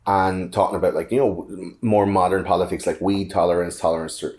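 A man's voice: sits low, fairly even intonation, a little fast, a little mellow. An Irish man co-hosting a podcast in casual chat, rambling with fillers and restarts. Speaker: podcast co-host.

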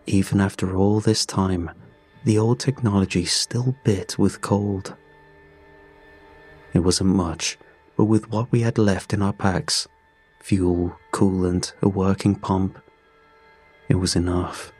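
Male narrator, unhurried and grave, dark tale read over soft music. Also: low voice, steady tone, husky. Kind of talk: scripted story narration.

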